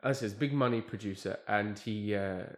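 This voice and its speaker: A man's voice: on the low side, brisk. A man telling a story in casual chat, rambling and correcting himself as he goes. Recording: echoey room.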